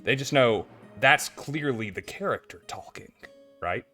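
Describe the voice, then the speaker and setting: A man's voice: mid-range voice, lively intonation, measured pace, bright, forceful tone, husky, faint music behind. A man hosting a casual podcast chat, thinking aloud and poking fun at himself. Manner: conversational, thinking aloud, self-deprecating. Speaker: podcast host.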